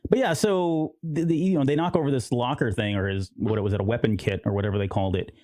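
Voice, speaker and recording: A man's voice: medium pitch, fast, dark tone, dry recording, clean studio sound. A man co-hosting a podcast, rambling casually and often quoting characters in little voices. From United States. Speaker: podcast co-host. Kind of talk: casual chat.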